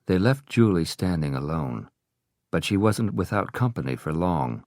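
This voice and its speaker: A man narrating an audiobook in a steady, even storytelling manner. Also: sits low, moderate pace, no echo, clean studio sound.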